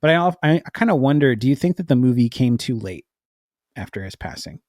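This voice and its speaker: A man's voice: medium pitch, animated, brisk, darkish tone, no echo, clean studio sound. Chatty man guesting on a podcast. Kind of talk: casual film review chat.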